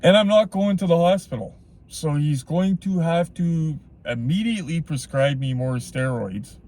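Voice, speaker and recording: A man's voice: fairly high pitch, normal speed, a little mellow. A man talking straight to his viewers in a casual vlog, blunt and rambling, full of "like" and "you know what I mean". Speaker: collectibles vlogger.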